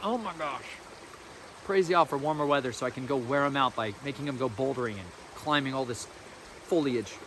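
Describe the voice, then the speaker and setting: A man's voice: mid-range voice, fairly quick, a bit bright, slight background noise. A man giving an informal spiritual teaching as a podcast host, earnest, emphatic and colloquial.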